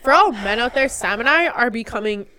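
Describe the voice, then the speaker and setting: A young woman from Canada co-hosting a podcast, a little tipsy, retelling a story in a profane, animated way. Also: a little high, fairly quick, slight background noise. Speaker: podcast co-host. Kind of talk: casual podcast chat.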